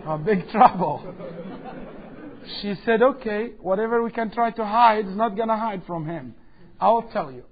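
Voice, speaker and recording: Lecturer, male, high voice, animated storyteller; dull lo-fi tape. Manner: animated, acts out quoted dialogue. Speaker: Islamic lecturer. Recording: dull lo-fi 2007 lecture recording.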